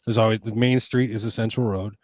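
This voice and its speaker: A man's voice: lowish voice, flat delivery, fairly quick, darkish tone, dry recording. An American man, a podcast guest in casual chat, profane and teasing.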